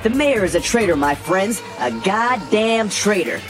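A woman's voice: medium pitch, very animated, unhurried. An actress playing an angry female cartoon townsperson who asks heated, accusing questions. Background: music.

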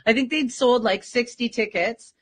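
A woman's voice: on the high side, moderate pace. Rambling woman telling a story. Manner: rambling, many fillers. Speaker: interview guest. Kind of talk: casual storytelling.

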